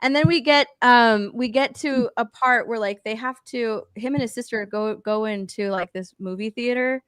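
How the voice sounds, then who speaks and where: Animated, swearing woman ranting about TV. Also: on the high side, normal speed, few pauses, smooth, no room sound, clean studio sound. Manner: animated, swears freely, laughs while ranting. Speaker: podcast co-host. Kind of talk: casual pop culture chat.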